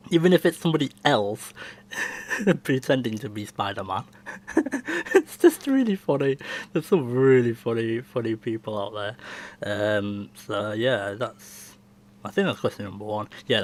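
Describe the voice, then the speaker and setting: A young man casually answering viewer questions on his channel, talking in a chatty, rambling way and often laughing. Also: mid-range voice. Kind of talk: casual Q&A chat.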